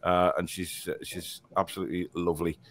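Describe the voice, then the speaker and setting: A man's voice: sits low, level tone, a little fast. A man hosting a casual live fan show, chatty and laughing, reading out viewer comments with plenty of fillers and restarts. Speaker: fan podcast host.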